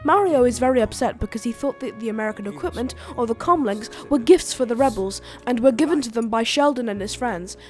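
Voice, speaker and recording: A woman's voice: on the high side, brisk, hardly any pauses, a little mellow, faint music behind. A woman giving a comedic, sarcastic recap of a video game's story, with joking asides. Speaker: video reviewer. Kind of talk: comedic game lore recap.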